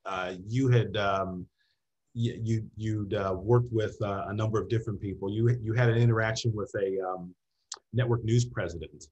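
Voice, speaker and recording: Male interviewer, low voice, hesitant, lots of ums, dull lo-fi sound. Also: fairly even intonation, darkish tone. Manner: halting, filler-heavy questioning. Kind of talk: interview questions.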